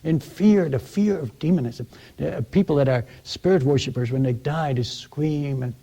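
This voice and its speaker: Animated, higher-voiced missionary preacher man. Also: normal speed. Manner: animated, repeats words and restarts often. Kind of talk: sermon storytelling.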